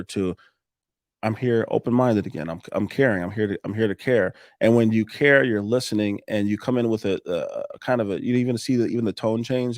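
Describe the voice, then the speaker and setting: A man guesting on a podcast, talking in a lively coaching way with frequent restarts and laughs. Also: fairly low pitch, dry recording, clean studio sound. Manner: animated, coaching tone, laughs often, restarts sentences. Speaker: podcast guest, roofing business owner. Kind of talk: casual podcast chat.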